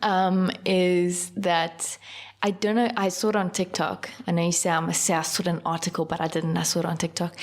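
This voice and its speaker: A woman's voice: on the low side, flat delivery, normal speed. A young woman from South Africa, co-hosting a casual podcast chat, teasing and laughing often with lots of "like". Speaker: podcast co-host.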